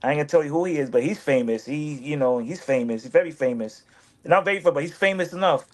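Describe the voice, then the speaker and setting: Animated man telling a story casually. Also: on the high side, fast. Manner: animated, repetitive, acts out quoted dialogue. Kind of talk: casual street-talk storytelling.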